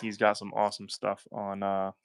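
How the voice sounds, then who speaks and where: A man's voice: fairly low pitch, monotone, moderate pace, gravelly, slight background noise. A man with a Southern US accent hosting a live-stream coin auction, talking in upbeat, chatty selling patter and thanking buyers by name.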